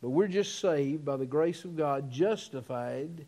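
A man preaching a sermon, swelling into emphatic peaks, stretching out key words and dropping to quiet, low phrases. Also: measured pace.

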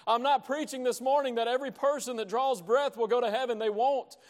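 A man preaching a sermon with passion, swinging between hushed lines and loud cries. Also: very high-pitched, steady tone, a little fast, in a large hall. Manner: impassioned, dramatic swings from soft to loud.

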